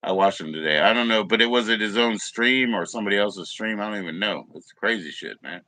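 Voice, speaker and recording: On his live stream, a man with a fairly low, pushed, bright voice talks briskly and casually to his audience. He wanders and curses as he battles technical problems, with an occasional cough.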